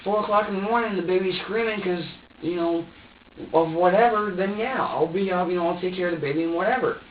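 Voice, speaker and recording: A man's voice: sits high, brisk, a little hiss or hum. Rambling man in a tinny interview room. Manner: rambling, repetitive, defensive. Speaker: suspect being questioned. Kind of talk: police interrogation. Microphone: far room microphone. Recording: tinny, echoey room audio from far off.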